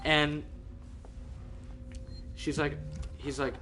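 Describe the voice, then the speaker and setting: A man telling a story in casual chat with friends, animated and swearing, often laughing and acting out people's voices. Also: mid-range voice, moderate pace, long pauses, music in the background. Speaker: streamer. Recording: faint background noise.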